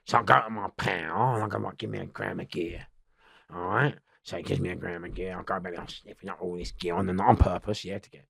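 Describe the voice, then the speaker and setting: A man's voice: sits low, fairly even intonation, quick pace, creaky, fairly bright tone, husky, no room sound, studio quality. A man telling rambling prison stories as an interview guest, swearing and laughing, often restarting. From London. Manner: swearing, laughing, keeps restarting his story.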